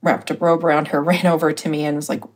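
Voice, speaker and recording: A woman guest telling a personal story in a casual, hesitant way, pausing often with fillers. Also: low-pitched, flat delivery. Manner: hesitant, full of pauses and fillers.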